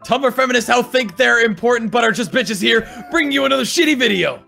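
A man playing a cocky, douchey male YouTuber who shouts his channel intro. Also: very high-pitched, brisk, vocal fry, soft background music, full character voice. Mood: brash hype. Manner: shouted brash intro patter.

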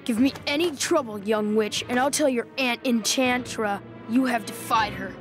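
A woman's voice: on the high side, moderate pace, music in the background, close to an everyday voice. A woman voicing a mischievous male fairy trickster who talks in theatrical singsong rhymes, in a cartoon. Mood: sly. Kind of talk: cartoon voice acting.

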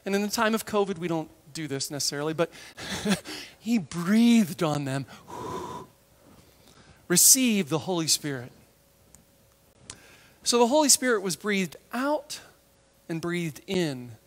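A man preaching a sermon, animated, acting out the voices of biblical figures and dropping to a hush for tender moments. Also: high voice, moderate pace, in a large hall.

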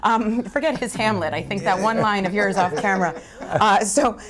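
An actress in a casual interview, telling a lively anecdote and acting out what others said. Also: female voice, medium pitch, normal speed, over a noisy crowd. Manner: animated storyteller who acts out quotes with laughs. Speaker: actor interviewed as a guest. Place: festival press interview room.

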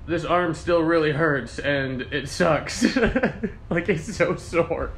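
A man making a casual phone vlog, hyped up and swearing, with loud exclamations as he talks. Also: fairly high pitch, slow pace. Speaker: streamer.

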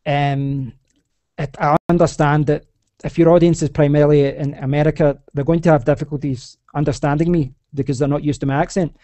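A young man with a Scottish accent rambles through a casual chat, stumbling and restarting often. His voice sits a little high yet sounds mellow and warm. The sound is close and dry. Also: steady tone, a little fast, dry recording. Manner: rambling with many restarts and laughs. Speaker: podcast host.

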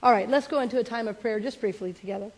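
A woman's voice: a little high, very fast, low-quality recording. A woman pastor giving a conversational sermon and leading a prayer, repeating affirmations. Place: church sanctuary.

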